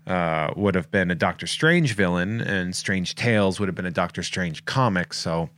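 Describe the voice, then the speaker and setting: A man hosting a podcast in casual chat, joking and rambling through listener shout-outs. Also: low voice, lively intonation, moderate pace. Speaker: podcast host.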